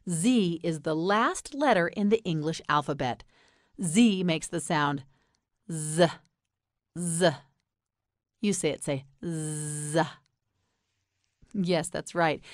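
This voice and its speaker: A woman with an American accent teaching English pronunciation, saying each word slowly and clearly and asking the listener to repeat it. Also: lowish voice, expressive, dry recording, studio quality. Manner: repeats words slowly and asks the listener to say them back. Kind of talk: slow, clear scripted lesson narration.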